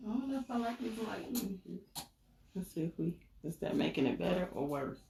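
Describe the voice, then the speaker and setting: Gravelly low-voiced woman livestreaming. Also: fairly quick, slight background noise. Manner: relaxed, greets viewers, talks to the chat. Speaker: spiritual reader hosting a livestream. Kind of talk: casual livestream chat.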